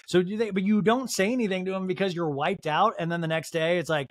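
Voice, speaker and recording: A man's voice: high-pitched, quick pace, few pauses, no room sound, studio quality. A man hosting a comedic solo TV recap podcast, talking with sarcastic, joking asides. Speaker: podcast host.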